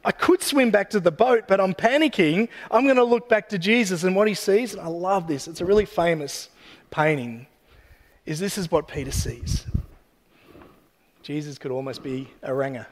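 Preacher type: man with a high voice, relaxed and joking as he tells the story, in a big echoing church hall. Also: normal speed. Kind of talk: sermon. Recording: long hall reverb.

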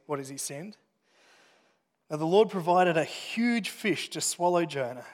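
Man preaching in a reverberant hall. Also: fairly high pitch. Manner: conversational preaching with restarts and asides. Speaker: pastor. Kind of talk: sermon.

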